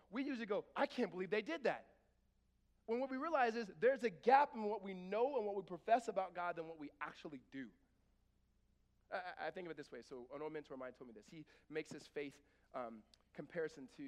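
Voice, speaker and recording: A man with a high voice preaches a sermon, talking to the congregation like a conversation and breaking into emphatic bursts. His voice rings with the long reverb of a large hall. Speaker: pastor.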